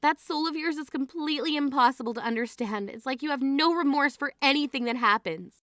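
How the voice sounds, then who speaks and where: A woman's voice: high voice, a little fast, fairly bright tone, dry recording, clean studio sound. A woman voicing a grieving adult sister who scolds her sibling in an exasperated, indignant way, in a dramatized text-message story.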